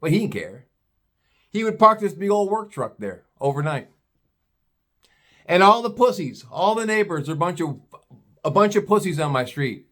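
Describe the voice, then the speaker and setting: This male vlogger's voice is high-pitched, a bit bright and very animated, with a moderate pace and long pauses. His ranting storytelling monologue is blunt, profane and scornful, complete with put-on voices for the people involved.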